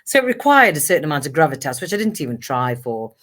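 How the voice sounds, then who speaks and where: A woman's voice: low-pitched, fast talker. A middle-aged woman, a guest actress and singer telling her story candidly and emphatically. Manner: animated and emphatic, acts out past conversations.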